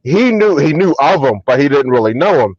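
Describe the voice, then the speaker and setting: A man, a hip hop artist and DJ, telling relaxed anecdotes as an interview guest, with many ums and restarts. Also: on the high side, a little fast, husky, no echo, highs cut off. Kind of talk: casual storytelling interview.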